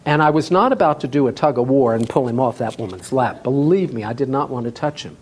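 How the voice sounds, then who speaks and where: A man telling a humorous story on stage as a live storytelling performance, in an animated way with laughs in his voice. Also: mid-range voice, fast talker, slight background noise. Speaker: storyteller, tour guide. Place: festival stage before an audience.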